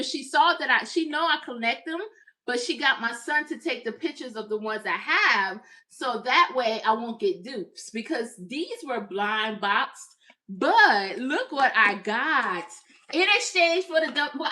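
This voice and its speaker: A woman's voice: sits high, sharp tone, reverberant, recorded from a distance. A woman hosting a crochet livestream, chatting upbeat with her viewers. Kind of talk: casual livestream chat.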